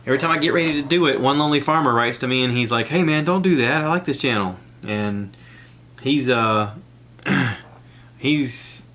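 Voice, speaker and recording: A man's voice: lowish voice, sharp tone. A man hosting a solo podcast, talking in a chatty, rambling way and recommending things with enthusiasm. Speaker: podcast host. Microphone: iPad recording app.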